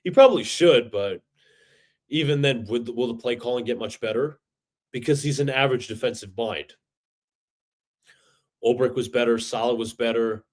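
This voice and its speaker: A man hosting a sports fan livestream, talking in a frustrated, repetitive rant full of stumbles and restarts. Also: mid-range voice. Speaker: fan podcast host.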